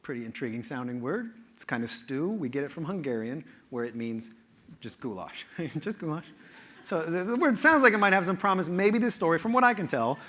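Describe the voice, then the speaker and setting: A man giving a playful, animated talk on word origins, dropping often to low, quiet asides. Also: fairly quick. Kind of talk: lively presented talk.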